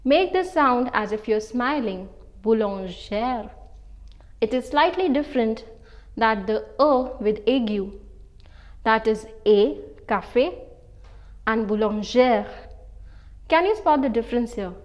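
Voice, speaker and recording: Slow, careful woman teaching French. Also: on the high side, animated, dull audio. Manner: slow, careful, drawn-out pronunciation examples. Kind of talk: online language lesson.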